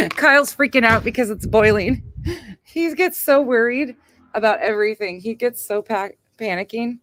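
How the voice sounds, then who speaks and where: A woman's voice: fairly high pitch, moderate pace, a bit bright. A woman hosting a casual cooking livestream, chatting with viewers in a blunt, chatty way, swearing freely and laughing often. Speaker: livestream host.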